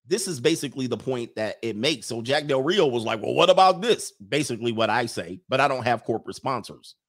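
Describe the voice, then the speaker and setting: A man's voice: mid-range voice, brisk, a bit bright. A man hosting a stream, ranting in a loose, joking, rambling way. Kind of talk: casual commentary rant.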